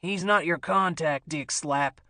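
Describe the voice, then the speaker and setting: A narrator voicing a controlled undercover agent who speaks in low, clipped lines. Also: measured pace, bright, forceful tone, no echo. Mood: terse.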